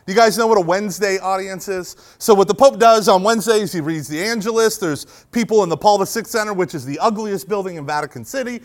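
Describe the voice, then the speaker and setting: A man with a high voice gives a funny storytelling talk at a Catholic youth event. He is animated and jokey, and he shouts when he acts out the big moments. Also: quick pace, few pauses. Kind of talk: humorous storytelling talk to a live audience.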